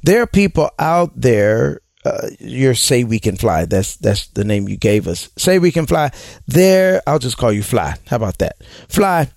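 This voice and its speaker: A man talks through listener questions on a casual advice show. His voice has a gravelly edge and swings widely up and down, and he often mimics people in exaggerated voices. The sound is dry and close, with no room echo. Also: medium pitch, darkish tone.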